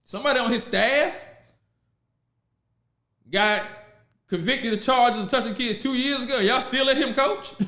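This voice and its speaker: A man with a high voice chats on a podcast, spinning animated stories and laughing between lines. The room around him is echoey. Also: a little slow, pauses often. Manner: animated storyteller, laughs often, Southern slang. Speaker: podcast host. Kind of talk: casual podcast chat.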